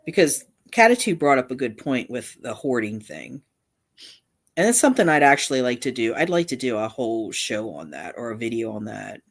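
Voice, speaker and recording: This is a middle-aged woman hosting a relaxed livestream, and her voice sits low. She rambles from one point to the next, breaking off and restarting her sentences as she goes. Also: a little fast. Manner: rambling, with frequent restarts and asides. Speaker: channel host. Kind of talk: casual livestream commentary.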